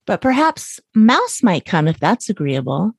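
A woman's voice: medium pitch, very animated, measured pace, husky, no room sound, exaggerated voice. A woman voicing a big genteel dog. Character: big genial clever male dog.

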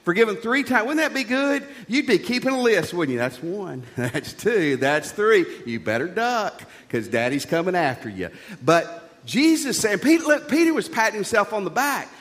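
A man's voice: high voice, moderate pace. Guy preaching in a big echoey church, folksy and joking, voice jumps all over. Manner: folksy, animated preaching with jokes and rhetorical questions. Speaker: pastor. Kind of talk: sermon. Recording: long reverb of a large hall.

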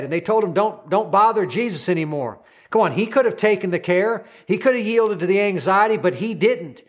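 A man with a high voice preaches a sermon as a pastor. He presses his listeners with frequent calls of "come on" and asks them to repeat lines after him.

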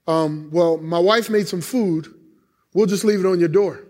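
A high-pitched male pastor preaching in church, acting out God's answers as he tells emotional stories from his own life. His voice rings through a hall with a long, lingering reverb. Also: a little slow, a little mellow. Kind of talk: sermon.

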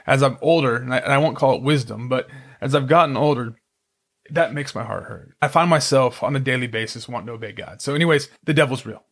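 A man's voice: mid-range voice, fast talker, fairly bright tone. A middle-aged man co-hosting a Christian parenting podcast, talking earnestly and rambling a bit, with self-deprecating jokes. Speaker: podcast co-host.

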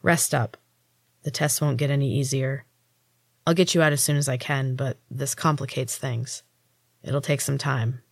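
A woman doing a hushed, low young man in a lab coat. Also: fairly even intonation, normal speed, gravelly, no echo, clean studio sound, exaggerated voice. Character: soft-spoken young male helper in a lab coat, secretive. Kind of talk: audiobook character voice.

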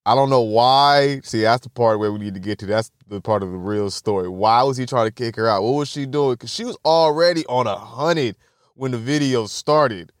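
Studio-quality audio with no echo carries a young man's mid-range voice at an ordinary pace. He's the host of a solo podcast, spinning profane, meandering stories and laughing a lot.

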